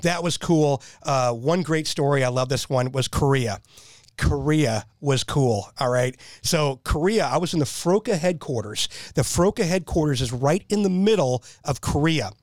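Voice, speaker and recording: A man telling animated stories in a casual chat and laughing at his own jokes. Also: fairly high pitch, normal speed, dry recording, clean studio sound.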